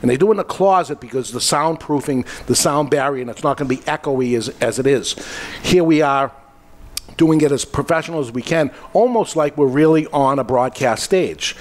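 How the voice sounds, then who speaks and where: A man's voice: medium pitch, fairly quick. Storytelling man, podcast studio owner. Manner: animated storytelling, acting out quoted dialogue. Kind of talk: casual panel talk.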